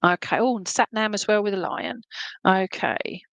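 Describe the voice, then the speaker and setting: Woman, medium-pitched, chatty and hesitant with frequent ums, close dry mic, live reading. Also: expressive, normal speed, vocal fry, a bit bright, no room sound. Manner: chatty, hesitant, many ums, calls people "my lovely". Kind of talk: casual live-stream reading.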